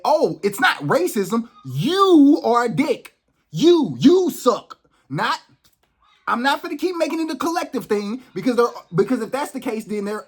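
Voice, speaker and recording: A man's voice: high voice, a bit bright, breathy edge. A man hosting his own vlog, ranting off the cuff in a heated, profane and emphatic way, often restarting his sentences. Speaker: vlog host.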